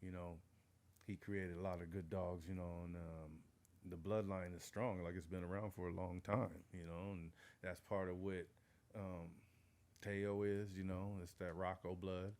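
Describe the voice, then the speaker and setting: Middle-aged dog-breeder guy, lively storyteller, casual chat. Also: deep voice, measured pace. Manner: animated storyteller, frequent "you know what I'm saying".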